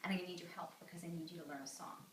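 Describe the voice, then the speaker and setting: A woman telling a folk tale to children at home, speaking in an animated way and talking straight to a child. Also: lowish voice, rapid-fire, slight background noise. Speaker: storyteller. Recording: echoey room, mic far off.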